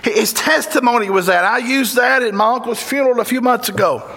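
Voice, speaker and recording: A man's voice: very high-pitched, a little fast, sharp tone, slight background noise. A man with a Southern Tennessee accent preaching a sermon in a church, fervent and folksy with bursts of exclamation. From Tennessee, USA. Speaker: guest preacher. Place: church sanctuary. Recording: echoey church hall reverb.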